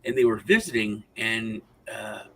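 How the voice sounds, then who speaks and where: A man's voice: lowish voice, animated, a little slow, vocal fry, bright, forceful tone, a little hiss or hum, low-quality recording. A man co-hosting a casual roundtable chat, telling long rambling anecdotes. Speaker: co-host.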